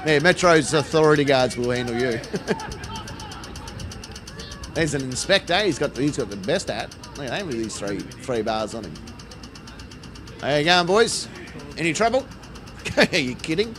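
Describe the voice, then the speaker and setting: A man's voice: on the high side, expressive, a little slow, long pauses, over music. Crude, mocking Australian man. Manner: crude, mocking, swears freely, laughs at own jokes. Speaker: live show host. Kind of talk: sarcastic live commentary on protest footage.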